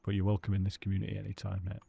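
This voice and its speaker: Gravelly-voiced British man streaming a game. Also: lowish voice, completely flat delivery, racing, dark tone, slight background noise. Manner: chatty, thanks and greets viewers by name. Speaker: live streamer. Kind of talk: live gameplay commentary chatting with viewers.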